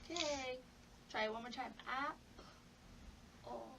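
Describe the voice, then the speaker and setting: High-voiced woman coaching words, from a distance. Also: a little slow, slight background noise. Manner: encouraging, repeating simple prompts. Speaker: speech therapist in a demonstration. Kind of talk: demonstrating a therapy session. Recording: voice picked up from a distance.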